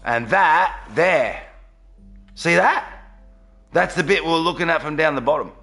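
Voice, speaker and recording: A man's voice: on the high side, expressive, a little slow, creaky, pushed and bright, faint music behind. A man live-streaming a game from his home studio, chatting casually and greeting viewers by name.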